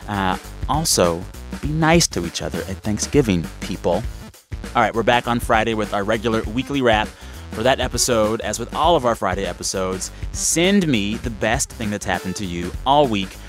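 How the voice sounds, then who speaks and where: Chill podcast host guy, lowish voice, faint music behind. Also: expressive, moderate pace. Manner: easygoing, short encouraging replies, friendly sign-off. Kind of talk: relaxed interview hosting.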